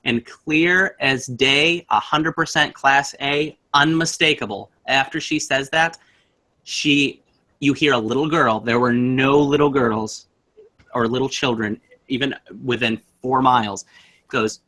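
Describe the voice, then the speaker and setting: A man's voice: medium pitch, measured pace. A young man casually telling a spooky story, acting out the voices in it. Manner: animated, acts out voices in his story.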